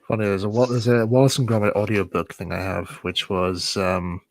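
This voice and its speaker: A man's voice: lowish voice, little pitch movement, fairly quick, no room sound. A young man hosting a casual live chat, telling stories with plenty of giggles and restarts. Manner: giggly, rambling storyteller. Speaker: host.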